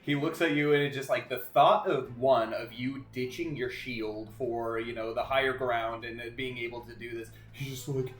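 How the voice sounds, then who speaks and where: A man running a tabletop game as game master, relaxed and chuckling, with many fillers. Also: medium pitch, moderate pace, hardly any pauses, faint music behind. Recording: roomy echo.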